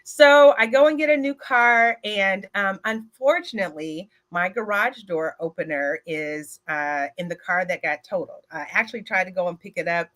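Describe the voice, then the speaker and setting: A woman speaking at a retreat who tells a personal story in an animated way, addressing the audience directly and using many filler words. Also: medium pitch, moderate pace, few pauses.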